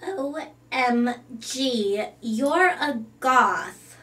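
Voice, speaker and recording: Bratty valley girl put on by a woman, whiny, high, distant mic. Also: animated, very slow, pushed and bright, exaggerated voice. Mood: snooty. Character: snooty preppy young valley girl.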